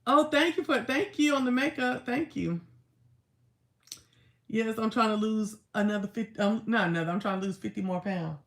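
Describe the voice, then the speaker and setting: A woman in her thirties chats on a home livestream, reading out and answering her viewers' comments. Her voice sits a little high, and her laughter comes easily. The room adds a clear echo around her. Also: normal speed. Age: 30s. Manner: chatty, laughing, talking back to chat. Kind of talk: casual livestream chat with viewers. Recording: echoey room.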